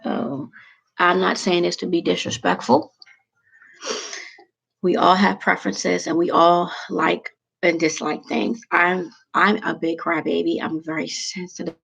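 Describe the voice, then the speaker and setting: A woman's voice: on the low side, flat delivery, a little slow, gravelly, fairly bright tone, breathy edge, rough recording. A woman vlogger chatting casually and emotionally to her viewers, rambling from one thing to the next.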